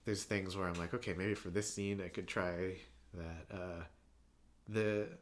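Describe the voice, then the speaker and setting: Young male podcast guest, lowish voice, loose rambling storyteller, laughs often. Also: steady tone, unhurried. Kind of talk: casual chat.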